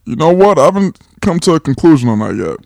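A man's voice: on the high side, sing-song, fast, gravelly, darkish tone, no room sound, studio quality. A man in his late twenties from Los Angeles, a guest co-host talking candidly in casual chat. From California, Los Angeles. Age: 20s. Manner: candid, reflective, laughs readily.

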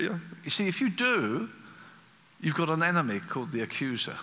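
A man preaching a sermon, a lively storyteller who acts out the voices he quotes. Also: fairly high pitch, normal speed, vocal fry, big-room sound.

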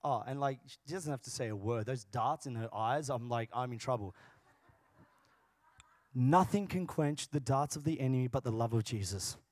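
A man preaching a sermon as pastor, moving between casual, joking asides and loud, passionate bursts. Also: medium pitch, a little fast, hardly any pauses, dry recording. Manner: swings from quiet talk to loud, passionate preaching.

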